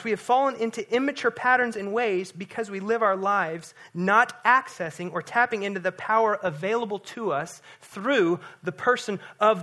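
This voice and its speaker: A man's voice: high-pitched, sharp tone. A middle-aged man, a pastor, giving an earnest, conversational sermon with frequent restarts.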